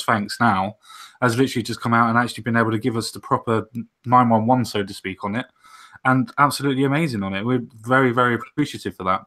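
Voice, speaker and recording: A man's voice: mid-range voice, a bit bright. A man co-hosting a livestream chat, hesitant with many ums. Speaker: livestream co-host. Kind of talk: casual chat.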